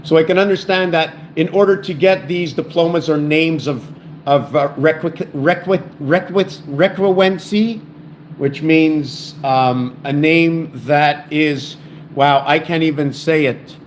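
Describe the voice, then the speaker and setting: Speaking slowly in a fairly high voice, this man hosts his own video channel and wanders through theories about words and numbers, often restarting words and thinking out loud. The solo video talk is rambling and stumbling, captured with a home camera setup that adds a little hiss or hum.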